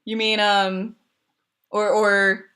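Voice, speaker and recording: A woman's voice: mid-range voice, level tone, very slow, bright, forceful tone, clear, resonant tone. A woman streamer chatting casually with viewers, rambling with lots of fillers and restarts and laughing often. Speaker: streamer answering chat.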